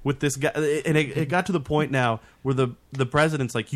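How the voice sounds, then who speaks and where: A man's voice: medium pitch, fairly quick. A man telling a story in casual chat with friends, swearing often and acting out what each person said. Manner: animated, swears, acts out quotes.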